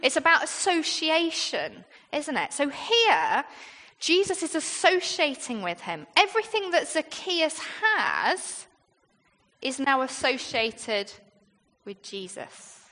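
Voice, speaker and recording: High-voiced British woman preaching. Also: sing-song, slow pace, pushed and bright. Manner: conversational, with frequent rhetorical questions. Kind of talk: sermon. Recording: long reverb of a large hall.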